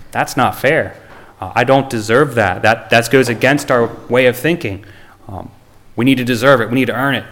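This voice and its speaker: A man's voice: mid-range voice, a bit bright. A man preaching a sermon, reading scripture aloud and then talking plainly and earnestly, with frequent ums and restarts, before closing in prayer. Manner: reads scripture aloud in old-fashioned wording.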